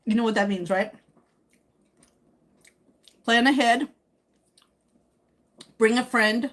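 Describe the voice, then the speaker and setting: A woman hosting a casual live stream, answering viewer comments in a chatty, teasing way, with a slightly husky voice. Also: on the high side, takes it slowly, a bit bright. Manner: speaks while eating. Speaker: livestream host chatting with viewers.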